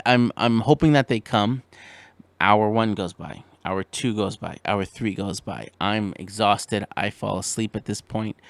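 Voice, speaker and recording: A man hosting a podcast, telling a story in a casual way, animated, with stammering restarts and a voice that jumps up when he gets exasperated. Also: fairly low pitch, dry recording. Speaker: podcast host.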